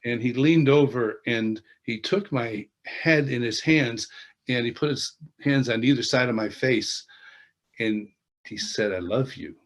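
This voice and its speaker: A man interviewed as an author, telling a personal faith testimony in an earnest, halting way that often restarts sentences. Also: mid-range voice. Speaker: interviewed author and worship leader.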